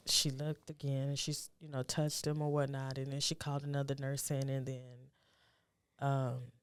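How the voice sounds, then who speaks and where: A middle-aged woman speaking as a guest, telling a personal story in a soft, halting, reflective way and becoming urgent when she gives advice. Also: extremely low pitch, level tone, smooth, no room sound.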